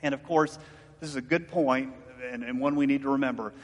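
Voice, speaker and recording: A man's voice: medium pitch, fairly even intonation, a little fast, big-room sound. A man preaching a sermon in a conversational, storytelling way, asking his listeners questions. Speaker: pastor.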